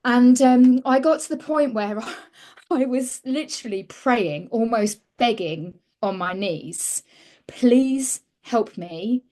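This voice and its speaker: A woman's voice: on the high side, a little slow, darkish tone. A woman, a mentor being interviewed, telling her story in an earnest, reflective way and often restarting mid-sentence. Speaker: women's mentor, interview guest.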